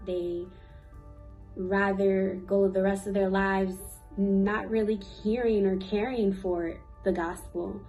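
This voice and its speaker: A young woman sharing a personal faith testimony, earnest and emotional, pausing with fillers and sometimes teary. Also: medium pitch, warm tone, rough recording. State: teary at times. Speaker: youth ministry speaker.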